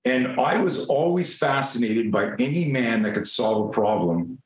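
A man guest on a podcast, telling a story in a lively, animated way, swearing casually and acting out the scenes. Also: medium pitch, normal speed, roomy sound, a little hiss or hum, poor audio.

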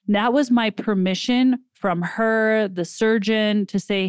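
Woman host, smooth clear voice, dry close sound, animated storytelling with acted-out quotes. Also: medium pitch, slow, hardly any pauses, no echo. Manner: animated retelling, acts out quoted dialogue. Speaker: podcast host. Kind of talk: personal storytelling.

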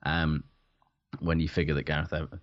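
Casting note: very low male voice, loose and profane banter, dull lo-fi recording. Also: flat delivery, moderate pace. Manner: laughs often, swears freely. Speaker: podcast co-host. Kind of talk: casual sports chat. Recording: dull lo-fi sound.

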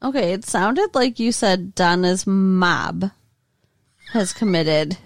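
A woman co-hosting a casual chat show, blunt and quick to swear, laughing often. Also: medium pitch. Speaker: podcast co-host.

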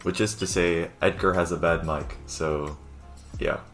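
Young man, low voice, podcast co-host. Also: fairly even intonation, a little slow, fairly bright tone, soft background music. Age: young adult. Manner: chatty, laughing, lots of fillers. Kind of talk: casual podcast chat. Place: at home. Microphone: Zoom call.

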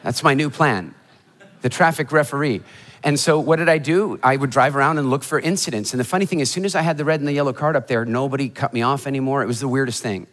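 A motivational speaker telling funny stories in a keynote talk before a live audience, animated and acting out the voices of people in his stories. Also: medium pitch, fast. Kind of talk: humorous storytelling keynote talk. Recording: hall reverb of a live talk.

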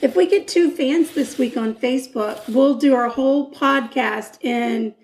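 A woman's voice: high voice, a little slow. A woman co-hosting a podcast in casual, teasing banter. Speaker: podcast co-host. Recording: echoey room.

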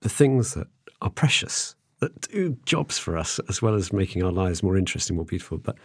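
A man's voice: sits low, big pitch swings, a little fast, husky, no echo, studio quality. A middle-aged man hosting a podcast, chatting casually and rambling with many restarts. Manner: rambling, restarts often, chuckles. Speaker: podcast host. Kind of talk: casual conversation.

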